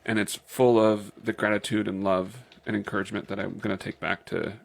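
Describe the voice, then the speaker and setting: A man's voice: on the low side, flat delivery, brisk, creaky. A man hosting a podcast, chatting casually in a rambling way. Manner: rambling, laughs at himself. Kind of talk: casual chat.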